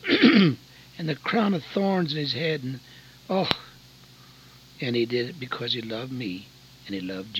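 A man preaching a sermon with personal testimony, dropping to hushed near-whispers and then rising to loud, fervent preaching. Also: medium pitch. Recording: dull lo-fi recording with faint hum.

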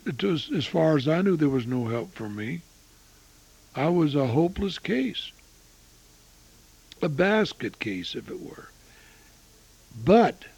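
An older man preaches an evangelistic sermon and shares his own testimony, swinging between booming and hushed. The audio is dull, with no echo.

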